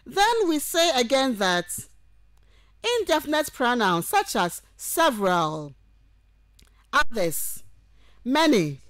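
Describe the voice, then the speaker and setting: Slow, deliberate woman lecturing on radio. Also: a little high, big pitch swings, fairly bright tone, no room sound. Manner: slow, deliberate, lists examples one by one. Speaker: university lecturer. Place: radio studio.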